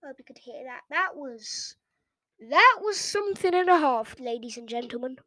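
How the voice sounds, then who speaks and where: A woman's voice: high-pitched, expressive, very noisy. An English woman hosting a reaction video, ranting casually in a sarcastic, mocking way. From England. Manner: sarcastic and mocking, quick rants.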